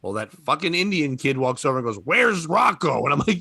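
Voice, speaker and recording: A man's voice: on the high side, sing-song, a little fast, few pauses, sharp tone, breathy edge, no echo. A young adult man telling rambling, profane comedic stories in casual chat, laughing often. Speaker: podcast guest storyteller.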